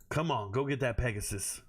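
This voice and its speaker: A man's voice: on the low side, a bit bright, breathy edge. A man hosting a live stream, ranting at his chat in a brash, profane, confrontational way.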